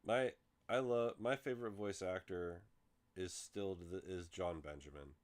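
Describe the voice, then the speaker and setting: A man hosting a casual chat, telling stories in an animated way and swearing freely. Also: sits low, normal speed. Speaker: podcast host.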